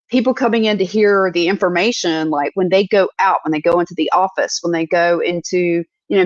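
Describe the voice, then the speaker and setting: A middle-aged woman talks earnestly in casual podcast chat, slipping into little voices for the people in her stories. Her voice is mid-pitched. The sound is slightly muffled and very dry. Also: no echo. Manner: earnest, storytelling with acted-out quotes. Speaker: podcast co-host.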